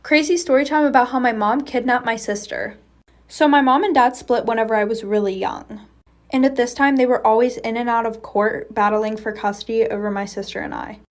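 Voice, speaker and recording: A young woman with a high voice shares personal stories in a casual story-time style, speaking a little fast in a steady tone. She's candid and blunt and swears without hesitation.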